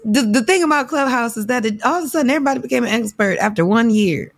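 A woman in her thirties, a podcast guest, talking in an animated, emphatic, slangy way in a casual interview. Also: on the high side, fast, creaky, no room sound, clean studio sound. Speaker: podcast guest, on-air talent.

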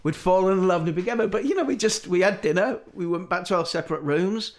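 A man's voice: sits high, fast talker. A middle-aged man telling anecdotes in casual chat, acting out the voices of people he quotes.

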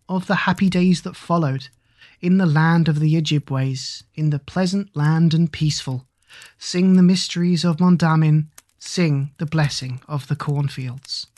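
An audiobook narrator reading epic verse in an even, rhythmic chanting cadence. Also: medium pitch, no echo, clean studio sound.

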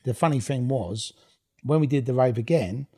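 Husky-voiced man telling stories. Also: mid-range voice, normal speed, warm tone. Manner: blunt, swears often, laughs while telling stories. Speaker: guest, former rave promoter. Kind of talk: casual storytelling interview.

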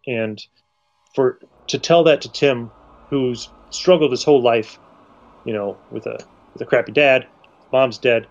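A man talks through a comic page in casual podcast chat, earnest and reflective at a medium pitch. He halts and restarts as he searches for words. The recording is slightly dull and muffled, as if through a cheaper mic. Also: a little slow. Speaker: comic book podcast co-host.

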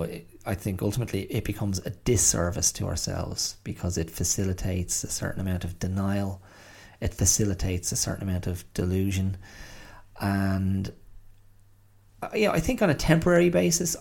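A man's voice: deep voice, creaky, darkish tone, husky. A middle-aged man hosting a podcast, musing aloud in a thoughtful, hesitant way with many restarts. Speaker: podcast host. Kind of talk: reflective solo monologue.

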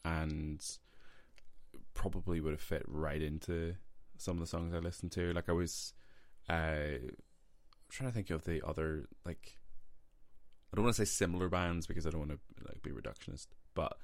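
Deep-voiced halting podcast host. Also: male voice, no echo. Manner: hesitant, halting, full of ums and restarts. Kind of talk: casual podcast chat.

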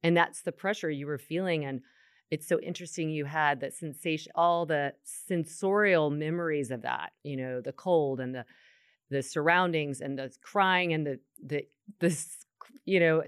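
A woman's voice: sits low, normal speed, clean tone, dry recording, studio quality. A middle-aged woman hosting an interview, responding in an empathetic, affirming and thoughtful way. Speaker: host. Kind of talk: interview conversation.

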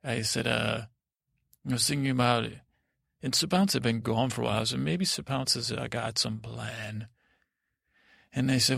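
Rambling, heavily gravelly male storyteller. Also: medium pitch, steady tone, fairly bright tone, no room sound, studio quality. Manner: halting, meandering, full of stammers and restarts. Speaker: podcast storyteller. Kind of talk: rambling in-character bedtime story narration.

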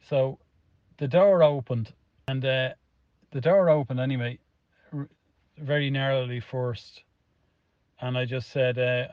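A man's voice: mid-range voice, steady tone, moderate pace, long pauses, a little mellow, no room sound, dull audio. Irish man telling a story with constant swearing. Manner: swears constantly, rambling, vivid retelling. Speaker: storyteller in a played clip. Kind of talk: casual spoken anecdote.

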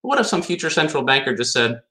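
Male lecturer, bright tense tone, emphatic, keeps throwing rhetorical questions at the room. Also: medium pitch, very animated, fast. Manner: reads statute passages aloud. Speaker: conference speaker on law. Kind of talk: academic lecture.

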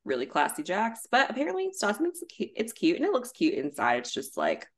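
A woman's voice: medium pitch, wildly swooping pitch, fairly quick. A woman podcast co-host recapping a reality show in a casual, blunt way. She uses lots of "like" and swears freely. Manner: chatty and blunt, with frequent "like" and swearing.

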